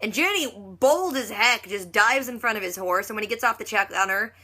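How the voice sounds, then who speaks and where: Chatty woman with a bright voice. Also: fairly high pitch, animated. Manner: chatty, acts out quotes in quick voices. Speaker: reaction vlogger. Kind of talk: casual TV episode recap.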